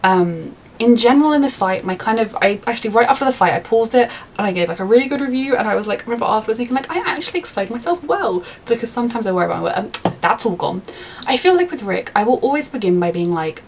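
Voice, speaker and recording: A woman's voice: on the high side, animated, fast, a little hiss or hum. A young woman reviewing a TV episode in a chatty, rambling way, with many fillers. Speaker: TV reaction reviewer. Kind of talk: casual reaction review.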